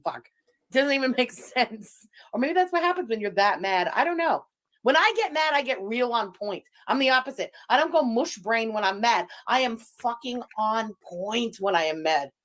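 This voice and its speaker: A woman's voice: on the high side, lively intonation, moderate pace, a bit bright. A woman whose first language is French hosts a live stream, commenting in a profane, mocking and scornful way. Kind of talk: casual commentary.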